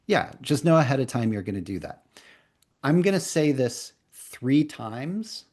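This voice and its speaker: A man leading a live online coaching workshop, talking casually and playfully, then reading a definition slowly for note-taking. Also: mid-range voice, very animated, a little mellow. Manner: conversational, playful, reads slowly for dictation. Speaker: coaching trainer.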